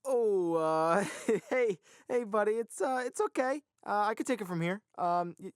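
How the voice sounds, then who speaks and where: A man's voice: sits high, animated, unhurried, clean tone, no echo, studio quality. A man hosting a comedic video-game show, goofy and self-mocking with bursts of hype. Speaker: host. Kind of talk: comedic video-essay narration. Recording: music playing loudly behind.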